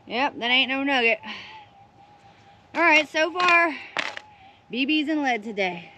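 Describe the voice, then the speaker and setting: Chatty high-voiced woman outdoors. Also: slow pace, long pauses, noisy background. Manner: chatty, addresses viewers as y'all, squeals with excitement. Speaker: gold prospecting vlogger. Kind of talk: casual vlog narration. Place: outdoors in the desert. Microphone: camera set down nearby.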